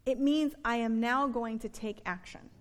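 A woman preaching with a high, light voice. She talks to her congregation in a loose, conversational way and drops playful asides into her teaching. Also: normal speed. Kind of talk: sermon.

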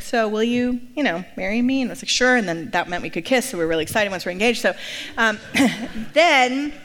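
A middle-aged woman pastor giving a personal testimony, telling stories with lively acted-out quotes. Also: mid-range voice, big-room sound. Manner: lively storytelling, acting out quoted voices.

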